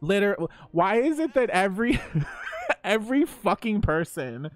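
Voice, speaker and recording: A man streaming live at his desk mic, talking casually to his viewers while he games. His voice sits a little above the usual male pitch, and he is animated and swears freely. He laughs easily as he chats. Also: unhurried. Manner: animated, profane, chatty, laughs often.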